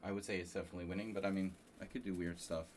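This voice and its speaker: Low-voiced man muttering over chess moves. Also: flat delivery, slight background noise. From New Jersey. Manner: halting, muttering through chess moves with fillers. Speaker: chess master streaming a simul. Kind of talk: casual thinking-aloud commentary.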